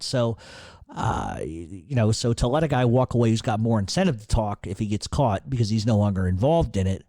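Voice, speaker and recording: A man's voice: medium pitch, mellow, no room sound. A middle-aged man hosting a radio Q&A, talking in a blunt, profane, ranting way. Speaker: podcast host. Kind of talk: casual radio Q&A.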